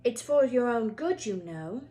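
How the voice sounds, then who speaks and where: A woman voicing a mischievous poltergeist in a sing-song, taunting, very high voice. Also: expressive, unhurried, dark tone. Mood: mock-saintly. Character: mischievous poltergeist, shrill and gleeful.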